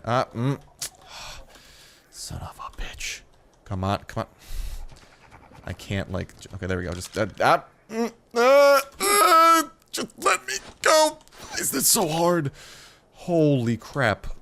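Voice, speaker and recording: A man's voice: lowish voice, a little hiss or hum. A young man giving upbeat, chatty gameplay commentary as a gaming YouTuber, talking to the animals on screen.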